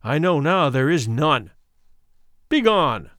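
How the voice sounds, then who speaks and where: A man reading a classic story aloud, voicing a shabby, bitter old drunkard who speaks harshly and loudly. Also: a little high, sing-song, takes it slowly, no room sound, clean studio sound, full character voice. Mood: bitter defiant. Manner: harsh, loud and defiant. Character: bitter shabby old male drunkard confronting a former friend.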